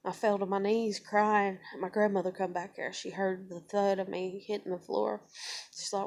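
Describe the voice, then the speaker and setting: A woman's voice: medium pitch, little pitch movement, normal speed, darkish tone. A young woman, telling a personal story to camera in a blunt, profane, conversational way. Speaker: vlogger.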